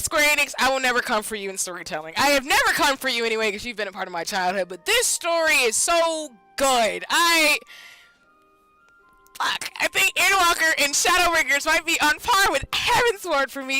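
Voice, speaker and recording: Young woman, game streamer, excitable, high pitch, bright voice, faint music behind. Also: rough recording. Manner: excitable, loud, laughing, swearing. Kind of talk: game stream reaction commentary.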